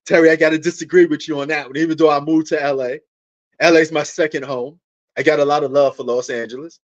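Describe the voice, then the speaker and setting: Loud passionate New man. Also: fairly high pitch. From New York. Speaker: sports talk show host. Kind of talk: livestream sports debate answering chat. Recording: dull lo-fi stream audio.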